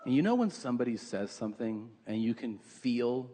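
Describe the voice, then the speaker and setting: On a comedy stage before a live audience, a man does stand-up, telling profane stories about his family and doing mocking impressions of them. His medium-pitched voice is warm and very animated, at a moderate pace. Audience noise from the live show is audible.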